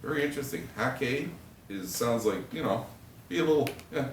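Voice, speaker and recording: A man giving an animated Torah class as a rabbi, joking and acting out quoted husbands and wives. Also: mid-range voice, normal speed, recorded from a distance, a little hiss or hum. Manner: animated storytelling, acts out quoted husbands and wives, jokey asides. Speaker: rabbi lecturer. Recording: echoey room recorded from afar, faint ambience.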